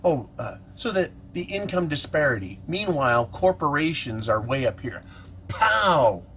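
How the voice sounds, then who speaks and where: A man's voice: mid-range voice, expressive, moderate pace, fairly bright tone, a little hiss or hum. A middle-aged man ranting in an indignant, sarcastic vlog monologue about politics. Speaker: political commentator.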